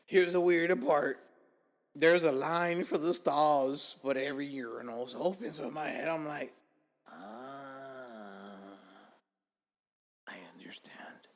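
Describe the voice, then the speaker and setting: A man from Miami telling a casual, profane story as podcast host, jumping from loud bursts to hushed asides. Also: a little high, steady tone, unhurried, long reverb tail.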